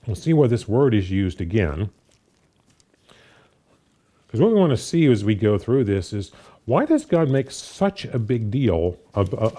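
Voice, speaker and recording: A man preaching a sermon in a conversational way, reading scripture aloud, with frequent restarts and "you know" fillers. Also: fairly low pitch. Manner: reads scripture aloud and paraphrases it with animated voices.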